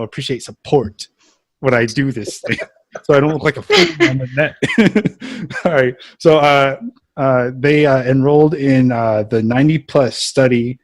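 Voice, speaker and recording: A man hosting a casual podcast, reading a news item aloud with halting fillers. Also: medium pitch, no echo. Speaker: podcast host. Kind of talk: casual chat.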